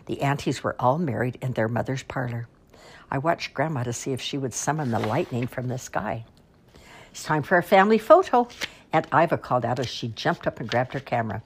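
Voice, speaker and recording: A woman reading a story aloud in an unhurried storybook narration. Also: rumbling low, a little hiss or hum.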